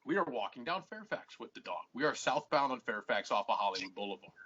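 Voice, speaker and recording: A man's voice: mid-range voice, very animated, fast talker, fairly bright tone, breathy edge. A man hosting a podcast, telling a rambling story full of swearing and acting out both sides of each argument. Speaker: podcast host. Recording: muffled lo-fi podcast audio.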